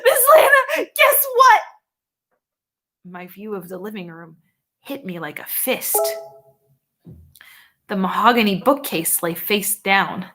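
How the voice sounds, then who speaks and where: A woman's voice: medium pitch, measured pace, long pauses, fairly bright tone. A woman narrating a first-person children's novel with a vivid, urgent reading. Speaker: audiobook narrator.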